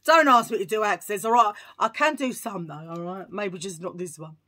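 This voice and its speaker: A woman vlogger telling a story to camera in a chatty, animated way, full of asides. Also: mid-range voice, moderate pace.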